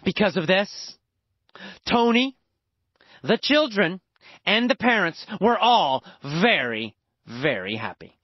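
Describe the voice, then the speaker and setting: Slow, animated male English teacher. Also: slightly rough, dry recording. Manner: exaggerated, repetitive, animated storytelling with big pitch swings. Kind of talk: slow, emphatic storytelling lesson. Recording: dull lo-fi, dry recording.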